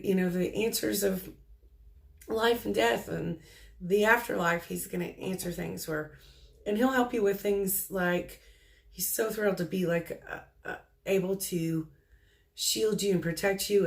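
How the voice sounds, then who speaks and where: A woman psychic medium relaying spirit messages off the cuff, halting and full of ums. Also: on the low side, vocal fry.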